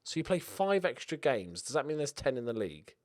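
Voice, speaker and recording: A young man giving excitable, jokey let's-play commentary with frequent swearing while talking to himself. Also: medium pitch, fairly quick. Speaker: video game streamer.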